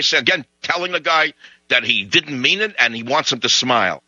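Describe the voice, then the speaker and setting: A man hosting a radio talk show, telling a story in an animated, indignant way. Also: mid-range voice, brisk, no echo. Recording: dull lo-fi radio broadcast audio.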